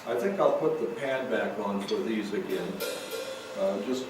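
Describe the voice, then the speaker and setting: A man's voice: on the low side, lively intonation, measured pace, over music. A man teaching drum rudiments, explaining patterns and calling out stickings between demonstrations in a drum room. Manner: calls out stickings while playing. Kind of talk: recorded drum lesson, talking between demonstrations. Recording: roomy echo, far from mic, noisy.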